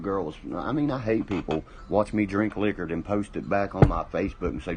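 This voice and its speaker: A man's voice: low-pitched, sing-song, moderate pace, darkish tone, a little hiss or hum, poor audio. A man hosting a casual livestream, rambling and boastful, swearing often while he drinks. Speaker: livestream host.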